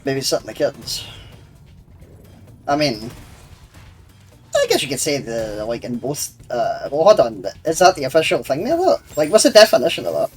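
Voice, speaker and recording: A man's voice: on the high side, sing-song, moderate pace, slightly rough. A young man, streaming a game and bantering crudely with his chat, rambling and laughing often. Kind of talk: casual gaming stream chat. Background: faint game music.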